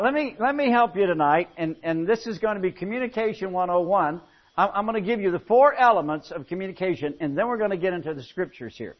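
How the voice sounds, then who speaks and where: A man from the United States preaching a sermon, folksy and animated, telling jokes between scripture. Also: high-pitched. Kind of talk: sermon with humorous anecdotes. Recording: muffled lo-fi sound.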